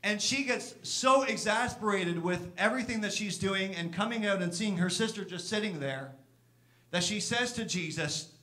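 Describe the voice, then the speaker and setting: Preaching man with a higher voice. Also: moderate pace, pushed and bright. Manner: earnest, acts out Martha's complaints with raised pitch. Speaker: pastor. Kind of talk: sermon. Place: church.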